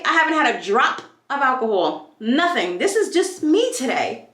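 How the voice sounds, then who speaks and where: A woman's voice: high-pitched, sing-song, moderate pace, fairly bright tone, echoey room. A young woman from New York chatting casually as a vlogger while she does her hair, hyped and full of tangents. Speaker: beauty vlogger.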